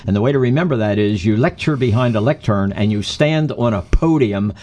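A man's voice: on the low side, brisk, a little mellow. A man who coaches speaking, explaining his points in an emphatic, instructive way during an interview. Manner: explanatory, emphatic, gives tips. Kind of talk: conversational interview answers.

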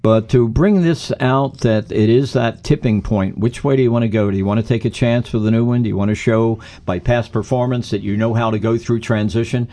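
A man's voice: mid-range voice, steady tone, brisk, few pauses, warm tone. A man who coaches speaking, explaining his points in an emphatic, instructive way during an interview. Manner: explanatory, emphatic, gives tips. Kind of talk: conversational interview answers.

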